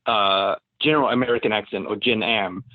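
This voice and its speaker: A man's voice: on the low side, fairly quick, no room sound. New Zealand man on a dry call line. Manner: animated, laughs often, many fillers. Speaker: actor guest. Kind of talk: casual podcast interview. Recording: dry, phone-like remote call audio.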